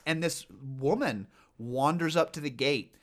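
A man's voice: on the high side, a little slow. Chatty man retelling film scenes. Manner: animated storyteller, lots of fillers and restarts. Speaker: podcast co-host. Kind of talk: casual chat about films.

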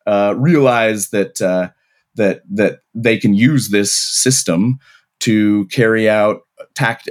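A man with a deep, low-pitched voice talks as a guest on a podcast interview. He tells history as a long, flowing story and often restarts his phrases mid-thought. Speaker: author guest.

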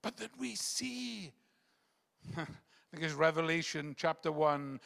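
A man preaching a rambling sermon that swings between loud emphatic bursts and hushed quiet passages. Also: a little high, gravelly. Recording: long reverb of a large hall.

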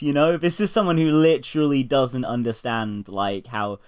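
A man's voice: medium pitch, steady tone, moderate pace, clean tone. A man co-hosting a podcast, chatting casually, swearing a lot and breaking into laughter as he retells stories. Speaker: podcast co-host. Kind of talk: casual chat.

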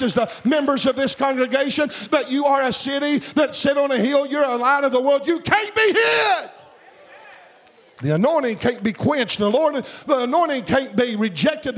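High-voiced fervent preacher man. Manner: fervent, shouting bursts, sing-song cadence. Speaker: pastor. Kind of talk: sermon.

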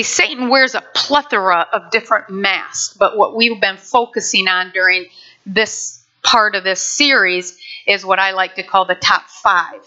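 A woman pastor preaching a sermon in a lively, conversational way with playful asides to her congregation. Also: medium pitch, lo-fi sound. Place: church sanctuary.

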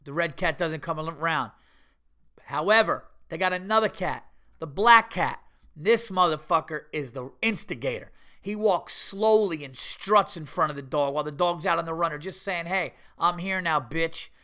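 Man, middle-aged, podcast host, swears a lot, animated storytelling, slightly high voice, bright. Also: normal speed. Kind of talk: casual solo podcast monologue.

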